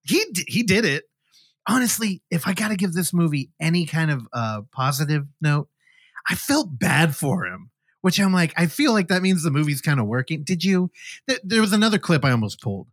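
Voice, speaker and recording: Fairly high-voiced guy ranting about a bad movie, swears a lot, dry close mic. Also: brisk, dry recording. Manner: profane, animated, acts out scenes in silly voices. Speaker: podcast co-host. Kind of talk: casual movie review chat.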